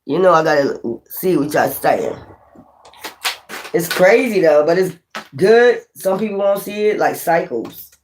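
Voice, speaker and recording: A woman's voice: fairly low pitch, lively intonation, measured pace, darkish tone, a little hiss or hum, poor audio. A woman hosting a live stream as a tarot reader, rambling casually and talking straight to her viewers.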